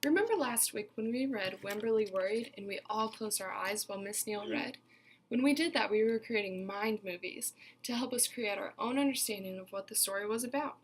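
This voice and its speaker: A woman's voice: mid-range voice, brisk, a little hiss or hum. A woman teacher reading a picture book aloud to her class, telling it expressively and stopping to ask the children questions.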